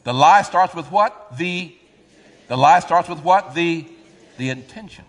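A man preaches a sermon, reading scripture aloud and pulling the congregation in with call-and-response questions and sudden loud swells. His voice is a little high, his pace unhurried, and there's a long reverb tail.

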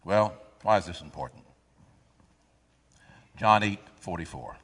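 A man preaching a sermon, reading scripture aloud and drawing the congregation in with call-and-response questions and sudden loud swells. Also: deep voice, expressive, unhurried, husky, in a large hall.

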